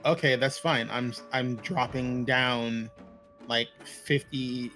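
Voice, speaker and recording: A man's voice: medium pitch, steady tone, takes it slowly, bright, forceful tone, faint music behind. A man playing a tabletop game, describing his character's actions hesitantly while he thinks aloud. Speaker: player. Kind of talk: tabletop role-play.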